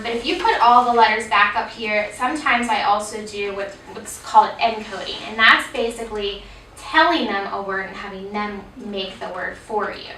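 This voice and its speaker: A woman leads a teacher workshop, walking through a reading lesson patiently and dropping in frequent ums. Her voice is bright and sharp. It reaches the mic from across an echoey room. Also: mid-range voice, far from the mic, slight background noise. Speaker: reading instruction presenter.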